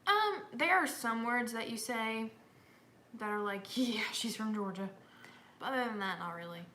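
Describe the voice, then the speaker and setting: A woman's voice: fairly high pitch, moderate pace, pushed and bright. A young woman, joining a casual livestream chat and teasing playfully. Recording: echoey room.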